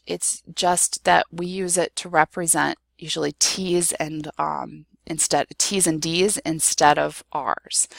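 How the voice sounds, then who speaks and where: A woman with a Midwestern American accent talks through a recorded Spanish lesson, patient and reassuring, with plenty of ums and okays. Her voice sits low, with a gravelly edge. The sound is dry and close, with no room echo. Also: fairly bright tone. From United States. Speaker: Spanish teacher. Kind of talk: recorded screen-share lesson.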